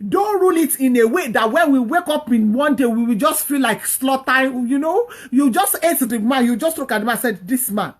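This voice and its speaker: Her voice is high with lively intonation, and she talks fairly fast with hardly any pauses. This woman preaches marriage advice casually to viewers online, earnestly going over the same points and performing the lines couples should use.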